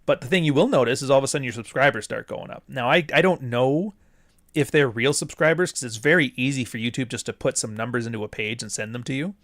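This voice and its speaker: A man from the Pacific Northwest hosts a casual livestream, reading super chats in a medium-pitched, fairly bright voice at a quick pace. He rambles off on tangents with plenty of swearing, and the recording is dry with clean studio sound.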